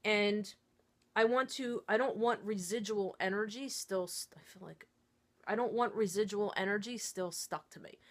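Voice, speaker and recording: A woman's voice: mid-range voice, moderate pace. A woman, an intuitive reader and Reiki practitioner, chatting through a step-by-step lesson in her studio and checking in with frequent "okay?"s. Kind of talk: casual step-by-step teaching to camera. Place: her own studio shop.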